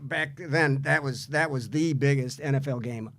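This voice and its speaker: A man's voice: mid-range voice, moderate pace, fairly bright tone. A man co-hosting a sports talk show, eagerly recapping the guest's story.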